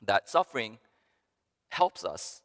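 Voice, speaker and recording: A man preaching a sermon, animated, climbing to emphatic peaks and dropping to quiet asides. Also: fairly low pitch, takes it slowly. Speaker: pastor. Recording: long hall reverb.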